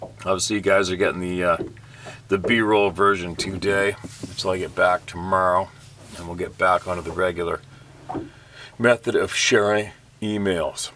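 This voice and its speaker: Chatty joking man, bright tone. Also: deep voice, steady tone, normal speed. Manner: chatty, joking, laughs often. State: sunburnt and tired. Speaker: host, hunting guide. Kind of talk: casual storytelling to camera. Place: in his boat on the water.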